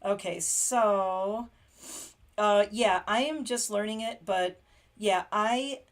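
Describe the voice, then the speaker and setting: A woman's voice: medium pitch, takes it slowly. Chatty woman livestream host, laughing often. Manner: chatty, laughs often, reads German phrases aloud. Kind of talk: casual livestream chat.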